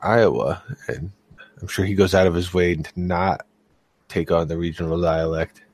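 A man's voice: low voice, normal speed, darkish tone, dry recording. A man with a Massachusetts accent, wisecracking bluntly as a podcast co-host. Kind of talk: casual chat.

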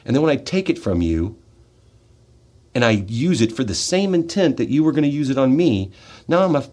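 A very animated American man with a medium pitch talks at normal speed. He's a military veteran delivering a fervent, confrontational monologue in a radio studio, shifting between loud outbursts and quiet, heavy asides.

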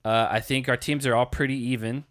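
A man's voice: mid-range voice, steady tone, a little fast, a bit bright, no room sound. Man, podcast co-host, casual rambling chat, dry close mic, filler-heavy.

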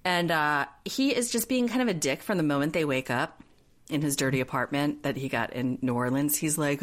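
A low-pitched woman chatting as a podcast co-host. She retells scenes in an animated way and quotes people in put-on voices. The talk is loose, casual and quick to joke. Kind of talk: casual chat recapping a reality show.

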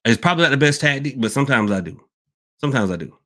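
A man's voice: mid-range voice, animated, very fast, pushed and bright. A man hosting a casual podcast, rambling, repeating himself and calling his listeners y'all. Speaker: podcast host and hoodoo worker. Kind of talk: casual open-topic podcast talk.

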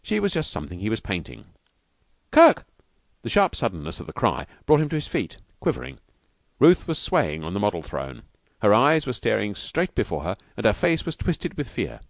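A man reading a novel aloud as an audiobook with expressive delivery. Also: on the low side, a little fast, no echo. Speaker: audiobook reader. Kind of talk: audiobook narration.

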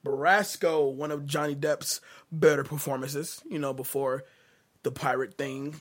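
A man hosting a movie podcast in easy, casual chat. His voice sits a little high for a man, and his delivery is relaxed and laid-back. He laughs easily and swears offhandedly. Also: a little slow. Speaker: podcast host.

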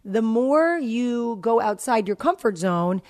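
A woman's voice: on the high side, animated, takes it slowly, darkish tone. A woman in her forties hosting a podcast, telling a story about her kids in a casual chat and acting out their dialogue. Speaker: podcast host.

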